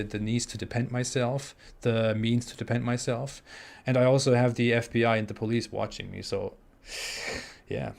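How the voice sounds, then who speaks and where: A man in his twenties with a German accent, hosting a live stream and reading out viewer super chats, talking in a halting way with many fillers and restarts. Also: fairly low pitch, darkish tone. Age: 20s. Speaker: livestream host. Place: home in the US Midwest.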